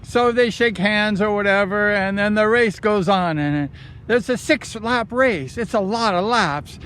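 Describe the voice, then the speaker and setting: High-voiced man telling racing stories. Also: unhurried, slight background noise. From Southern California. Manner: rambling, excited retelling with quoted voices. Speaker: vlogger recounting racing days. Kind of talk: casual storytelling.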